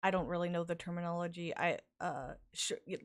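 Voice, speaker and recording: A woman's voice: lowish voice, brisk, clear, resonant tone. A woman in casual podcast chat, talking hesitantly with fillers and restarts. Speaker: podcast guest.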